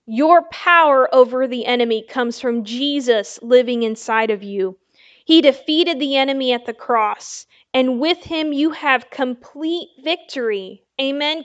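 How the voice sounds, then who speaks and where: Slow, high-voiced woman preaching. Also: highs cut off. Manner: slow, emphatic preaching with call-and-response "Amen?". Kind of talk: sermon.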